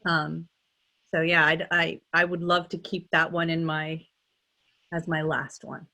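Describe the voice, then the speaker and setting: Middle-aged lady dialect coach chatting away, kinda low voice, lots of ums and restarts. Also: flat delivery, measured pace, sharp tone. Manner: chatty, thinks aloud with many restarts and ums. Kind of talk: casual interview conversation.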